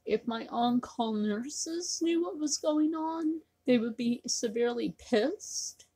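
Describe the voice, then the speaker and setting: A woman's voice: fairly high pitch, slow pace, mellow, husky. A woman talking casually to her camera in a rambling, repetitive way, with many fillers. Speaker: vlogger.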